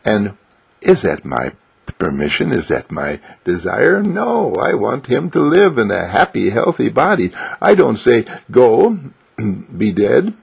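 Male spiritual speaker, deep and husky, gentle unhurried delivery that slips into whispers. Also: wildly swooping pitch. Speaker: dean giving a daily spiritual message. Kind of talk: inspirational spiritual talk.

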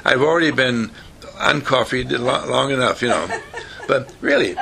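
An older man delivers a folksy motivational talk as an animated storyteller, acting out the voices of people in his stories. His medium-pitched voice is creaky and moves at normal speed, with a crowd audible behind him.

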